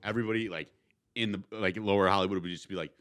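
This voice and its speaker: A man's voice: deep voice, steady tone, fast, a bit bright. A man making wry, sardonic asides in crude casual podcast chat.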